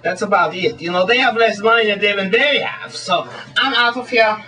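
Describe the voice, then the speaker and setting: A man doing a crude, deadpan comedy monologue in a rambling way. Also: high voice, a little fast, far from the mic, poor audio. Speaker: amateur comedy video maker.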